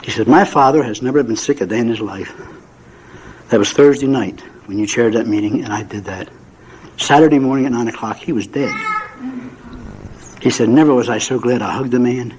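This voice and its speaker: A man's voice: mid-range voice, a little hiss or hum, rough recording. An older man sharing a personal story at a recovery meeting, folksy and emotional, acting out the dialogue. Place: meeting room with audience.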